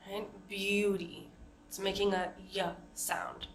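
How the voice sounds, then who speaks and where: A woman with an American accent leads a pronunciation lesson at an unhurried pace. Her voice is bright and crisp. She models each example word slowly and with care. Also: medium pitch, slight background noise. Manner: slow, carefully modeled example words. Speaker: accent coach.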